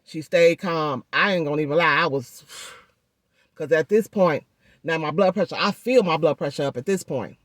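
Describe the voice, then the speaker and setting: A woman vlogger telling a story in a chatty, animated way, speaking through a swollen jaw and addressing viewers directly. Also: low voice, normal speed, no room sound, studio quality. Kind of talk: casual storytelling vlog.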